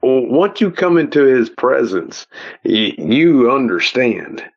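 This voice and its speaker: A middle-aged man with a Southern US drawl tells his stories in a slow, unhurried way, circling back and restarting his sentences as he goes. His pitch sits in an ordinary middle range. The recording is a little dull and lo-fi. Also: very animated, vocal fry. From American South. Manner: rambling, folksy, restarts often. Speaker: podcast guest. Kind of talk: casual storytelling.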